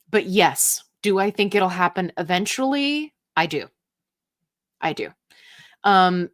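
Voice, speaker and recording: A woman hosting a live question-and-answer stream, reading viewer comments and answering in a chatty, upbeat way with playful asides. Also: on the low side.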